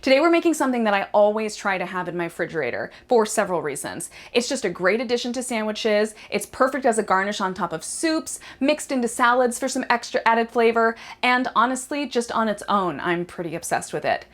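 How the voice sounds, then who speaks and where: A woman's voice: on the high side, lively intonation, brisk, hardly any pauses. A woman hosting a casual cooking video from her kitchen, bubbly and joking at her own expense. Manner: bubbly, playful and self-mocking. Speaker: cooking show host. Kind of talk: casual on-camera cooking vlog. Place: home kitchen.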